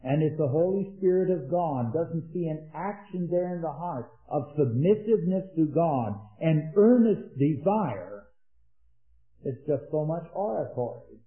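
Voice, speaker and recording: A man preaching an earnest sermon, rising to emphatic peaks and dropping into quiet anecdotes. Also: fairly high pitch, expressive, unhurried. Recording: echoey, tinny old sermon recording.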